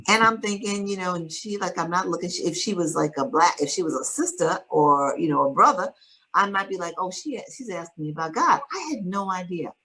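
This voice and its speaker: A woman's voice: lowish voice, expressive, a little fast, pushed and bright, rough recording. A woman guest author telling a personal story in an interview, earnest and emphatic.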